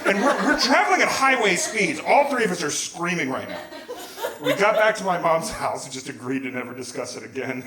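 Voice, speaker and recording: Animated, high-voiced storyteller man. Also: brisk. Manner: animated, profane, rambling with restarts. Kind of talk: live comedic storytelling. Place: small theater stage. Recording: echoey theater room.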